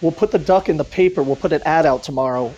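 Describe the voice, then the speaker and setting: A man's voice: a little high, quick pace, dark tone, husky, muffled recording. A man co-hosting a casual podcast in a joking, teasing manner. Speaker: podcast co-host.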